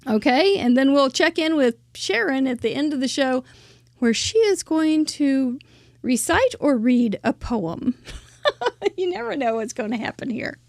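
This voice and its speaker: A woman's voice: sits high, big pitch swings, unhurried, darkish tone, no echo. A middle-aged woman hosting a live crafting show, bubbly and chatty, laughing often and tripping over names.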